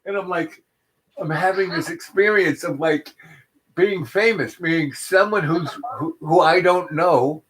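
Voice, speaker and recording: A man hosting a comedy show, telling a meandering story full of restarts and absurd deadpan asides. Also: a little high, slow, a little hiss or hum. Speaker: comedic YouTube host. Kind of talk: rambling comic storytelling monologue.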